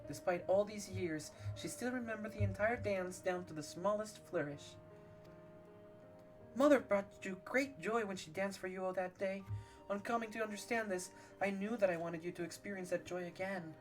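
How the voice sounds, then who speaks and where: A man's voice: high-pitched, moderate pace, soft background music, pitched above the performer's own voice, lightly acted. A man voicing an earnest, formal young noble lady in a posh voice, reading game dialogue aloud. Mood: tender.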